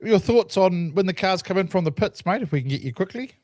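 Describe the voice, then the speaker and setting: A man's voice: high-pitched, fast, no echo. Dry-sounding bantering male host. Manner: relaxed, friendly banter, laughs often. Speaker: show host. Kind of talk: casual chat.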